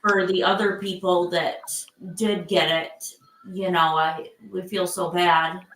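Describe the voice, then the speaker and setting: Slow-talking older woman, rambling chat. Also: fairly low pitch, little pitch movement, a bit bright, roomy sound, slight background noise, low-quality recording. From Michigan. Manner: rambling, many fillers and restarts. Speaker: live stream host. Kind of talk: casual chat.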